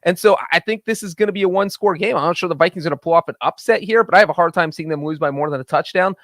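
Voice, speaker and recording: Higher-pitched man giving dry-sounding NFL picks. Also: very fast, fairly bright tone, no echo. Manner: confident, talks in full flowing points. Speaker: podcast co-host, NFL betting analyst. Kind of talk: casual sports betting chat.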